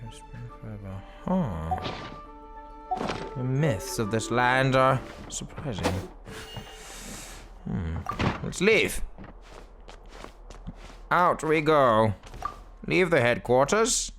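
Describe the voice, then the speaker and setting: Speaking extremely slowly with long pauses and big pitch swings, a male gaming YouTuber offers playful let's play commentary in a mid-range voice. He reads game text aloud and laughs at himself. He's close to a mic in front of his face, with game music behind.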